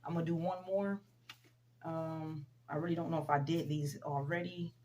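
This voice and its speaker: A woman with a low, darkish voice and fairly even intonation talks at normal speed over slight background noise. In a casual motivational vlog, she addresses viewers directly, says "you know" often, and repeats key sayings for emphasis.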